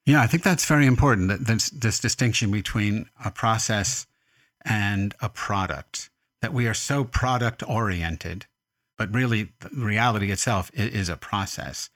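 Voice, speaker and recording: A man interviewing an author in a calm, thoughtful manner, at times reading quotes aloud. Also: on the low side, normal speed, dry recording. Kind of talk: radio interview.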